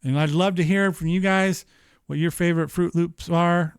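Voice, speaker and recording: In casual livestream chat from his streaming setup, a male host swears freely and hams up his emotions with lots of animation. He has a high-pitched, smooth voice at a moderate pace, and the studio-quality audio has no room sound.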